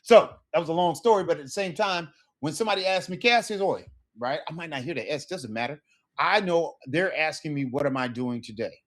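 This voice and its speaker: A man's voice: a little high, lively intonation, brisk. A man teaching a casual Spanish lesson, talking loosely and checking in with "right?" as he acts out sample phrases.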